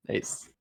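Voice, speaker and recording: A man co-hosting an improv comedy show in casual chat, goofy, giving deadpan absurd answers and laughing, over a voice call.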